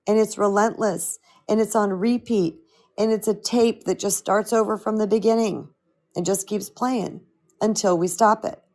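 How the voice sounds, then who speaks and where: Middle-aged woman, spiritual coach on a live stream, crackly voice, chatty and animated, mid-range pitch. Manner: animated and chatty, reads out viewer comments.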